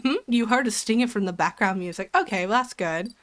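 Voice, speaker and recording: A woman's voice: mid-range voice, brisk, a little hiss or hum. A young woman streamer chatting casually with her viewers while playing a game, giggling and joking. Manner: chatty, giggly, talks to chat. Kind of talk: casual gaming commentary.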